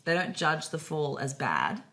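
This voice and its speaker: A woman, co-hosting a podcast in casual chat, telling stories with animated delivery and freely swearing. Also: low-pitched, unhurried. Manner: animated storytelling, swears freely, acts out quoted voices. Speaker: podcast co-host.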